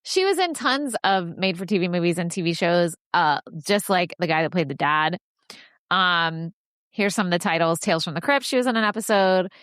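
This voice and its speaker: A woman hosting a podcast, telling stories in an animated casual chat and laughing often. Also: fairly low pitch, moderate pace, no echo, studio quality. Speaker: podcast host.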